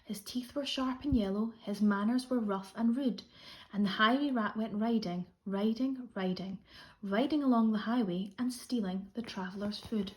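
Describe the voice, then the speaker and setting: A Scottish woman, a primary school teacher, reading a rhyming storybook aloud with a lively rhythm. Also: mid-range voice, moderate pace. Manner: expressive rhythmic read-aloud.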